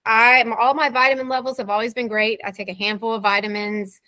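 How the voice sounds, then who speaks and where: Woman guest, 30s, higher voice, dry close sound, wry exasperated storyteller. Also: level tone, a little fast, bright, forceful tone, dry recording. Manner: recounting messages, quoting back and forth. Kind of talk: interview storytelling.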